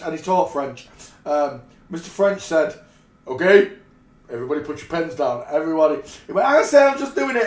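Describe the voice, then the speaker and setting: A man from England, telling rambling anecdotes in a casual way and often breaking into laughter. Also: sits high. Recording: roomy echo.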